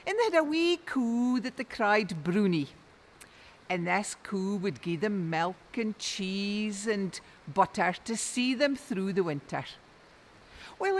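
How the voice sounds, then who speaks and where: A woman with a Doric Scots accent telling a traditional folk tale in rich dialect, lilting and expressive. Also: mid-range voice, a little hiss or hum. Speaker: storyteller. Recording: long reverb.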